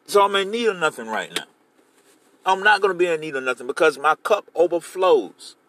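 Animated high-voiced man preaching. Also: fairly quick. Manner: animated preaching, paraphrasing scripture in casual street talk. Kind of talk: sermon.

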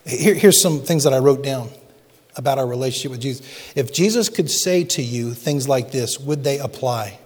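A man's voice: medium pitch, moderate pace, a little mellow, big-room sound. A male pastor preaching a sermon and reading scripture aloud with rising, emphatic delivery.

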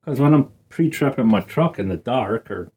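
A man's voice: mid-range voice, expressive, moderate pace, dark tone, breathy edge. A Scottish man bantering with his wife on a podcast, answering her teasing in a dry, defensive way. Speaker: co-host husband.

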